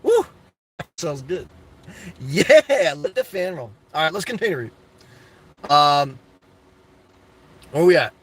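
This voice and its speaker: A man's voice: fairly high pitch, sing-song, slow pace, long pauses, slightly rough. A man live-streaming from inside a parked car, rambling through viewer comments, joking and laughing often, with lots of "man" and "guys".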